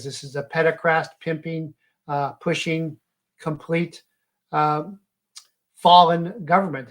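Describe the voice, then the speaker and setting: Man, slightly high voice, halting emphatic monologue, lots of fillers. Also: a bit bright. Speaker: commentator. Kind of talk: monologue commentary.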